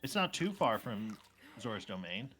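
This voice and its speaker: A man chatting excitedly while playing a game live on stream, laughing often and reacting quickly. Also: fairly low pitch, soft background music. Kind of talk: live gameplay chat.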